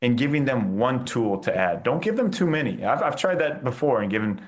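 A man's voice: medium pitch, lively intonation, a little fast. A man, a mindset coach speaking in an enthusiastic, casual way in a podcast interview, often saying "like". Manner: enthusiastic, uses filler "like" often.

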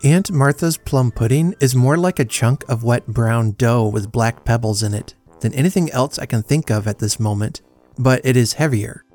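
Brief: male host reading a vintage tale, even and dry, middle pitch. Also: soft background music. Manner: measured, dry storybook reading. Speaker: podcast host reading a story. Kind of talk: storytelling narration.

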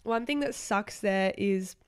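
A young woman, chatting casually as a podcast host. She rambles through stories with plenty of fillers. Her voice is smooth and resonant. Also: mid-range voice, unhurried. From Australia. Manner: chatty, storytelling with many fillers. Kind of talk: casual chat.

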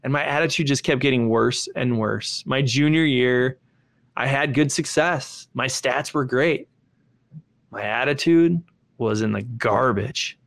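A man giving a motivational talk and telling a personal story in an animated way, with sharp jumps in pitch. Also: measured pace, creaky. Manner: animated, swings pitch up sharply when acting out his younger self. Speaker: speaker.

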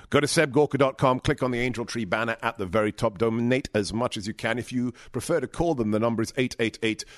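A man's voice: on the low side, no room sound, clean studio sound. A man with a British accent worn down by years in America, hosting a podcast and reading ads in a theatrical, emphatic way. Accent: British, frayed by years in America. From England. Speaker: podcast host. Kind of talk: podcast talk and ad reads.

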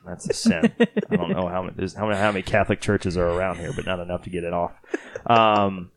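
A Texan podcast host with a low-sitting voice talks fast, his intonation lively. He's tired after a late night, and in this casual chat he rambles and keeps cracking jokes at his own expense.

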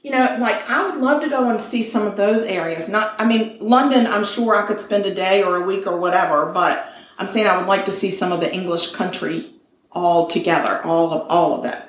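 A woman's voice: mid-range voice, a little fast. Bubbly giggly woman co-host. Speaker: podcast co-host. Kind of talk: casual chat. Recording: roomy echo.

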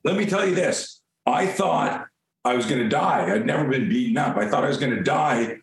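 A man guest on a podcast, telling a story in a lively, animated way, swearing casually and acting out the scenes. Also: mid-range voice, normal speed, roomy sound, rough recording.

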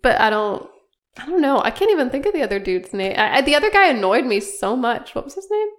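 A woman's voice: sits high, very animated, fast. A woman co-hosting a podcast in casual chat, easygoing and agreeable, saying "like" often. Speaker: podcast co-host.

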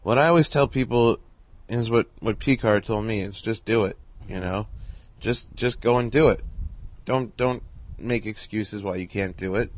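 A man telling a casual story in a relaxed, halting way, with lots of "you know". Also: fairly low pitch, rough recording. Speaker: podcast host and comedian.

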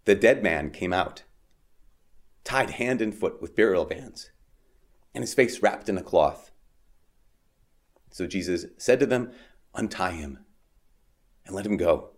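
A man with a fairly low voice reads scripture steadily and solemnly as a priest. He then slips into a loose, conversational homily full of fillers and quick asides. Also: expressive. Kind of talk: Gospel reading and casual homily.

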